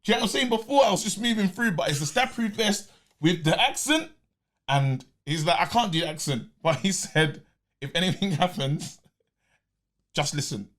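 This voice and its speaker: An eager young man, chatting casually as a podcast co-host. His voice sits somewhat high for a man. He backs up his co-host with a stream of quick yeahs. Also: lively intonation, a bit bright. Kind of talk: casual chat.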